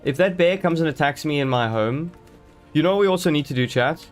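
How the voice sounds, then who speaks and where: A man's voice: on the high side, fairly quick, faint music behind. A man chatting live to his viewers while playing a game, rambling and joking as he goes, greeting people in chat. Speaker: streamer.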